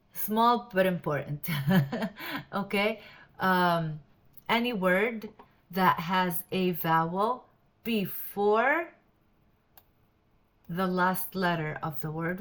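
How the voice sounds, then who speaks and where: A woman's voice: medium pitch, a bit bright. A woman who speaks Arabic natively, teaching English grammar in a casual video lesson and checking in with "okay?". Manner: explains patiently, checks in with "okay?".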